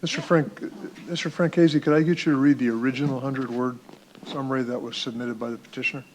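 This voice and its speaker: A man's voice: medium pitch, steady tone, fast, a little hiss or hum. A man chairing a public board meeting, reading formal text aloud and addressing speakers courteously.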